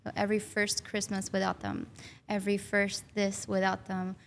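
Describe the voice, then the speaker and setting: A woman's voice: mid-range voice, moderate pace, creaky, slight background noise. A woman guest candidly telling her personal story in an interview. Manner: warm, candid, animated when recalling. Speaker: guest, bereaved mother.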